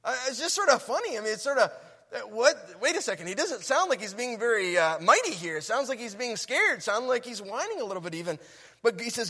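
A man preaching an earnest, animated sermon, addressing young people and reading Bible verses aloud. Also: very high voice, a little fast, big-room sound.

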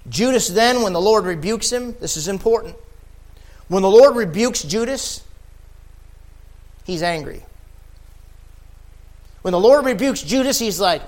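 Man, preacher, sermon, high-pitched, impassioned, rising to loud emphasis. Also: expressive, measured pace, long pauses. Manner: impassioned, swinging from quiet asides to shouted emphasis.

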